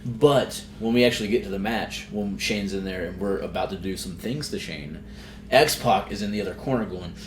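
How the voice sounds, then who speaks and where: Low-voiced man chiming in. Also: normal speed, recorded from a distance. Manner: agreeable, chiming in. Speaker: professional wrestler. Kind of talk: casual podcast chat. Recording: roomy with faint background noise.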